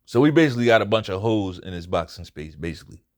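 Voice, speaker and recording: A man with a lowish, expressive voice recaps a fight on his own boxing commentary channel, speaking at a quick pace. He's blunt, swears often, and repeats points to hammer them home.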